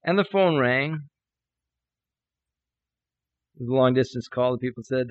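A male pastor preaching a sermon, telling a personal story and acting out the dialogue, with a lively delivery that swells into exclamations. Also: mid-range voice, normal speed, long pauses, lo-fi sound. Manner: animated, acts out dialogue, rising to exclamations.

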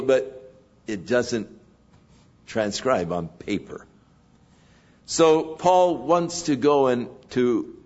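A man preaching an expository sermon in a measured way, pausing between phrases. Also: medium pitch, muffled recording. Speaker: pastor.

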